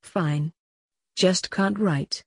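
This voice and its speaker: A woman reading the part of an elderly male alien emperor in a storybook, in low, subdued tones. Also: extremely slow, slightly rough, dry recording, full character voice. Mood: weary. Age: older.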